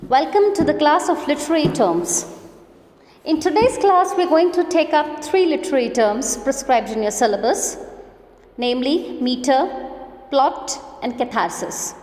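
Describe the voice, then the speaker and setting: A woman with an Indian English accent, a college lecturer slowly reading out definitions of literary terms. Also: high-pitched, a little mellow. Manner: slow, deliberate, definitional delivery. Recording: echoey classroom with long reverb.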